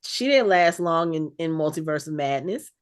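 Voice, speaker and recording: A woman co-hosting a podcast, casually recapping an episode with animated, chatty storytelling. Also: low-pitched, normal speed. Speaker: podcast co-host.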